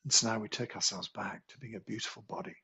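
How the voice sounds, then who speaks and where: A man leads a guided qigong healing meditation, his voice gravelly and raspy yet bright and forceful in tone. He speaks in slow, soothing, repetitive phrases, sitting a little low in pitch. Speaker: qigong teacher.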